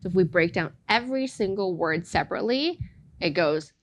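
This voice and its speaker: A woman teaching Mandarin tones in a podcast lesson, playful and quick to laugh, saying phrases slowly for practice. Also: fairly low pitch, expressive.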